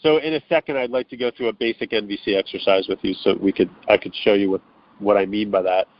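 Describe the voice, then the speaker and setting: A man's voice: lowish voice, fairly even intonation, quick pace. A man as an interview guest, explaining earnestly and loosely over the phone, with restarts and acted-out quotes. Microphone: telephone. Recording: dull, dry phone line.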